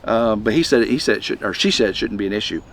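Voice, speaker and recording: A middle-aged man, talking to the camera outdoors in the wind in a halting, rambling way, a little chest-congested. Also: fairly low pitch, animated, a bit bright. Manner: rambling, halting, many restarts. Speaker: vlog host. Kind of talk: casual rambling vlog.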